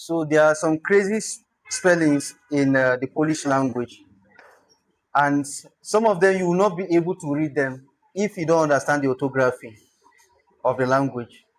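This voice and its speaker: Male instructor, slightly high voice, sounds out words and thinks aloud while teaching. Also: normal speed, low-quality recording. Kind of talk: online lesson on spelling.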